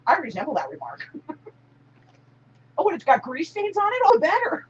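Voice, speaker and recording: A woman hosting a casual live-stream chat, laughing loudly and often. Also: very high-pitched, moderate pace, lo-fi sound. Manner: loud laughing, animated. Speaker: host.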